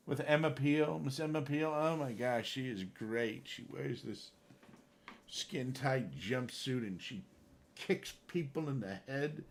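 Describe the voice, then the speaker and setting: An unhurried man with a medium-pitched voice makes casual chat with viewers during a game livestream. He rambles on, tries to remember names, and sometimes gets worked up.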